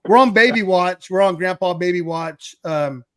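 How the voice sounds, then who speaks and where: A man's voice: high-pitched, normal speed, a bit bright, clear, resonant tone, no echo. Rambling middle-aged male livestream host. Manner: rambling, apologetic, restarts often. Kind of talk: casual chat.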